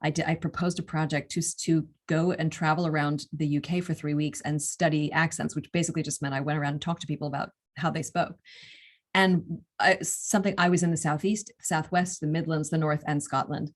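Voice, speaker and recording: A woman audiobook narrator and actor from the United States, telling stories with enthusiasm and quick restarts. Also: low voice, fairly even intonation. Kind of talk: interview answers.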